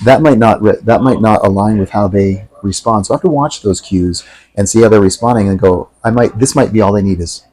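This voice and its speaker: Fast-talking, low-voiced man explaining music care. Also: darkish tone, a little hiss or hum, low-quality recording. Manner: earnest, explanatory, storytelling. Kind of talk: casual conversational interview. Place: café.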